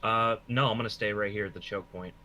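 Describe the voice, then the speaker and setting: A man playing in a tabletop game, talking casually with a rambling, halting manner. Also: lowish voice, fairly even intonation, sharp tone, rough recording. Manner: rambling, restarts, swears. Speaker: player.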